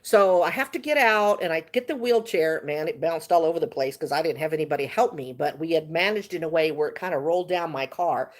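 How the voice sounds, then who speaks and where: Lady chatting on a livestream, animated storyteller, laughs a lot. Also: sits low, fairly quick, hardly any pauses. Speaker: vlogger.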